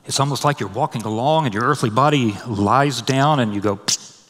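A man preaching a sermon, swelling loud and high on scripture and dropping soft and low for personal stories. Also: fairly quick. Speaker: pastor. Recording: long hall reverb.

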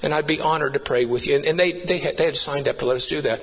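A man's voice: on the high side, fast talker, fairly bright tone, breathy edge, big-room sound, rough recording. A man preaching a sermon, telling stories earnestly and building to emphatic repeated phrases.

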